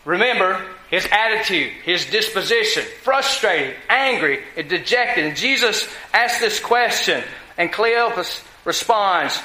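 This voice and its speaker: Guy preaching, high bright voice, reads scripture then chats it through, roomy echo. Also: lively intonation, measured pace. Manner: conversational, checks in with listeners. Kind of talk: sermon Bible teaching.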